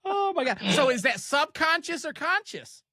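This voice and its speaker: A man's voice: very high-pitched, big pitch swings, bright, forceful tone. Chatty Ohio man hosting a podcast. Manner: chatty, storytelling, quick asides and laughs. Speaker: podcast host. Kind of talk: casual podcast chat.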